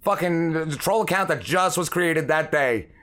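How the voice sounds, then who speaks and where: A man's voice: fairly high pitch, normal speed, fairly bright tone, a little hiss or hum. A man hosting a podcast, telling a story in heated, profane casual chat. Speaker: podcast host.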